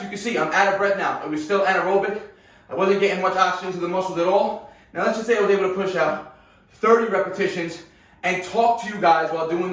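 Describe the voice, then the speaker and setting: Speaking in a high, slightly bright voice, a fitness coach runs a laid-back workout and keeps asking his viewers "right?" and calling them "guys." Music sits in the background of an echoey room, with the mic placed far from him.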